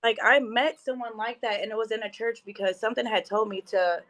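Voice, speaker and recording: A woman's voice: on the high side, a little fast, low-quality recording. A woman in her thirties telling spiritual stories in casual podcast chat, acting out quoted dialogue. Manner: animated, acts out quoted dialogue. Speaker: podcast guest.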